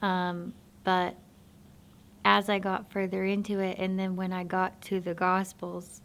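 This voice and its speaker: A woman telling her personal faith testimony in a soft-spoken, halting, reflective way. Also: mid-range voice, completely flat delivery.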